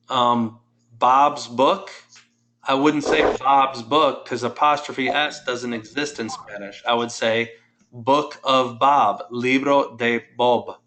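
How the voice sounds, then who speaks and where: A man's voice: medium pitch, a bit bright, slight background noise. A man teaching a Spanish class, patiently explaining grammar step by step and quizzing his students.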